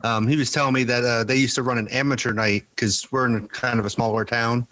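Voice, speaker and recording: A man's voice: mid-range voice, fairly even intonation, brisk, fairly bright tone, dry recording. A man co-hosting a podcast tells an anecdote in a meandering, hesitant way over a video call. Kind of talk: casual anecdote.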